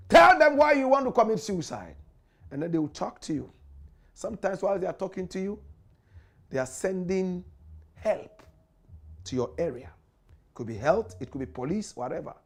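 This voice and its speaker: A Ghanaian man with a Ghanaian accent hosts a commentary monologue. He talks in a high, animated voice. He preaches straight at his listeners. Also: creaky. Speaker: commentary show host.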